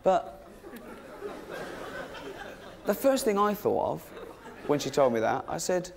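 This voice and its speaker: A man's voice: fairly high pitch, sing-song, takes it slowly, creaky, a crowd in the background. A middle-aged man doing a stand-up comedy routine, cheeky and rambling, often breaking into giggles. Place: comedy stage before an audience. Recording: noisy live stage recording.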